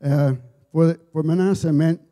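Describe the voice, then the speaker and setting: A man giving an informal church sermon, telling stories in a halting way, often repeating and restarting his words. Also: fairly high pitch, fairly even intonation, dark tone. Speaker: lay preacher. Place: church service.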